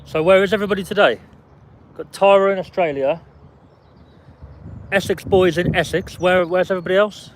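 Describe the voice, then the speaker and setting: A man's voice: high voice, fairly even intonation, fairly quick, long pauses, slight background noise. Chatty man streaming from a parked car. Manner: chatty, answers viewer comments by name; playfully guesses passers-by's names. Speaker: live streamer. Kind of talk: casual live-stream chat.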